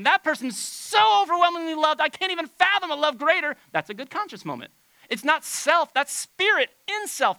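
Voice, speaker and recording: A man preaching a sermon on a church stage, talking in a loose, conversational way with big swings between quiet and loud. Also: high-pitched, low-quality recording. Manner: animated, conversational preaching with dramatic swings in volume. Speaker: pastor. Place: church stage under bright lights.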